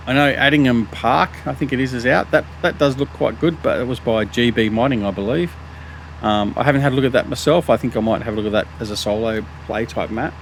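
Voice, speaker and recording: Casually playing a farming game for his channel, a middle-aged Australian man rambles, says um often, restarts his thoughts and makes fun of himself. He has a medium pitch with vocal fry, and a little hiss or hum sits under the audio.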